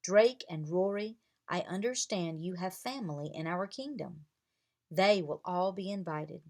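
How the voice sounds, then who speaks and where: A woman voicing a gruff, proud king who speaks formally, in a read-aloud storybook. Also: fairly low pitch, a little slow, darkish tone.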